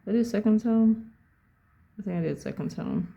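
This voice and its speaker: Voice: mid-range voice, animated, moderate pace, creaky, highs cut off. A painting instructor casually talking through each brushstroke at a desk, thinking aloud and correcting themself as they go. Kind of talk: casual step-by-step painting demo. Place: at a home desk.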